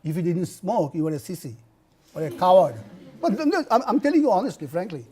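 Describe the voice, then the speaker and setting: An older man from India giving a university lecture on health, telling personal stories in an animated way, with many restarts. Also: high-pitched, fast talker, slightly rough. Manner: animated storytelling with frequent laughs and restarts.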